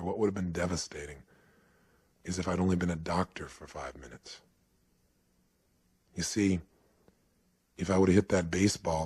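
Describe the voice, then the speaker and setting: Guy putting on old doctor, low and gentle, husky, dry mic. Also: no echo. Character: old small-town doctor, calm and wise.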